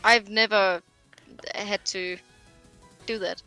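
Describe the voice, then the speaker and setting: A woman chatting in a relaxed, teasing way with a bright, crisp voice. Faint music runs underneath. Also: mid-range voice, slow, low-quality recording. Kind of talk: casual chat.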